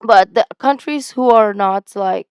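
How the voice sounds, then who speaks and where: A woman from the Philippines, commenting casually and excitedly while reacting to a video. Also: medium pitch, measured pace, clean tone, no echo. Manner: chatty, exclamatory, lots of "like" fillers. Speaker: YouTube reactor.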